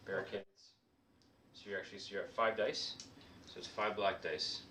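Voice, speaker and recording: A man with a fairly low voice talks through his tabletop battle, explaining his moves in a casual way and sometimes dropping to a mutter. He sounds far from the mic in an echoey room, with steady hiss behind him. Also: normal speed. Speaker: tabletop wargame player. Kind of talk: casual game commentary. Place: room around a gaming table. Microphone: camera mic at a distance.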